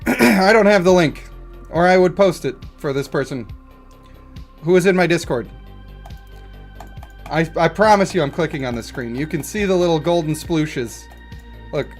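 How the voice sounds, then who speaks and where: A game streamer commentating live, reading game text and going off on animated, rambling comic rants. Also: medium pitch, normal speed, long pauses, faint music behind.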